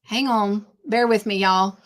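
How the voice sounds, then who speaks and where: A woman hosting a casual live stream, warmly greeting chat viewers by name and chatting between tasks. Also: mid-range voice, fairly even intonation, measured pace. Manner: warm, effusive greetings to chat viewers, easily sidetracked. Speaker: livestream host.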